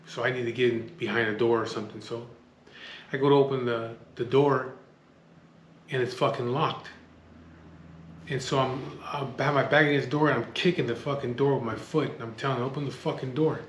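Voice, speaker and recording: A man's voice: mid-range voice, steady tone, a little fast, reverberant, a little hiss or hum. Blunt, hard-swearing man telling a story. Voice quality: blunt, heavy swearing, restless restarts. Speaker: storyteller recounting a street standoff. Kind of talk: casual spoken storytelling.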